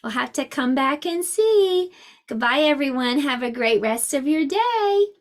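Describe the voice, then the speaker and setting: Teacher lady reading a picture book to little kids, slow and sing-song, high voice. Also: lively intonation. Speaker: preschool teacher. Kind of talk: reading a storybook aloud to young children.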